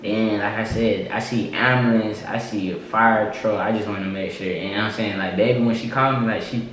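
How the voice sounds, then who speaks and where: A young man, talking to the camera in a relaxed vlog style, repeating himself and leaning on fillers. His voice sits on the low side. It is recorded from a little distance in a very echoey room with a faint hiss behind it. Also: a little fast. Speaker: vlogger. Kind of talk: casual storytelling to camera.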